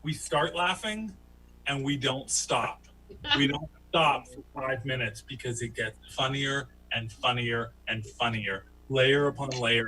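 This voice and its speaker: A man doing a stand-up comedy story who laughs at his own tale and jumps into high, squeaky voices for the people he quotes. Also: bright, forceful tone, slight background noise, low-quality recording. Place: home, virtual show.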